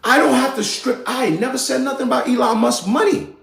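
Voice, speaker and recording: A man's voice: extremely high pitch, brisk, creaky, fairly bright tone, reverberant. A man hosting a live show, ranting about politics in a heated, slangy, profane way. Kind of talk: casual political rant.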